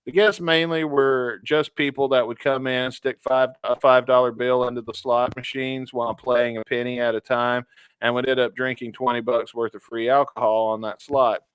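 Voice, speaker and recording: A man's voice: medium pitch, level tone, normal speed, smooth, no echo. A young man co-hosting a casual podcast, reading stories aloud in a laid-back way with small stumbles and fillers. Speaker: podcast co-host.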